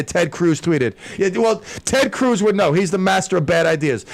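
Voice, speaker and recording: A man's voice: high-pitched, animated, normal speed, creaky, few pauses. A man hosting a talk radio show, rambling in a casual monologue with stammers, restarts and jokes.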